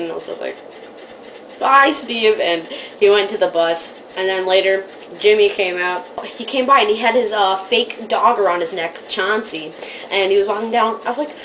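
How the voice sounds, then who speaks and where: A woman chats to the camera in a casual vlog, gushing and excitable as she recounts things. She keeps jumping into high, squealed impressions of what people said. A faint hiss of noise sits under her voice. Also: rough recording. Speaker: vlogger.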